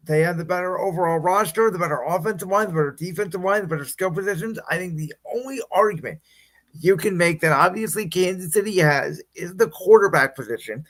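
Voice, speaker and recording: A man's voice: high voice, normal speed, a bit bright. A man co-hosting a casual sports podcast, his voice weakened by illness, talking with hesitant restarts but firm opinions. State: weak voice from illness. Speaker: podcast co-host.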